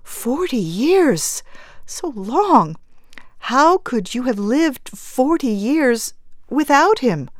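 A woman's voice: medium pitch, sing-song, no echo, clean studio sound. A woman voicing an anguished grieving young mother. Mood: tender. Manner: pleading, breaking, slow and anguished. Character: grieving young mother, distraught, clinging to loss.

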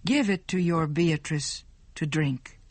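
A woman reading the lines of a calm old male professor in a slow, steady, reassuring way. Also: low-pitched, no echo. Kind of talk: storybook narration.

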